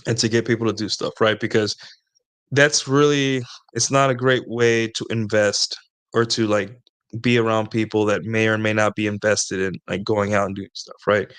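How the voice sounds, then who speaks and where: A man's voice: mid-range voice, a bit bright, clear, resonant tone, dry recording. A man hosting a casual advice talk. He rambles, restarts sentences often, and keeps checking in with "right?" and "like". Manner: rambling, repeats points with "right?" and "like". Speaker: host answering viewer questions.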